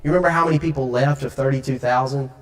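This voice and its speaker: A young man with a Southern American accent preaching a sermon in a church sanctuary, moving between quick asides and slow, stressed phrases. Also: medium pitch, steady tone. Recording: long reverb of a church hall.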